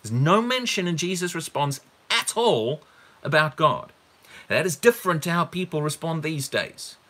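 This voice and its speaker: A man's voice: fairly high pitch, lively intonation, moderate pace, sharp tone. A man preaching a teaching sermon on a Bible passage, emphatic, repeating words for stress and asking the listeners rhetorical questions.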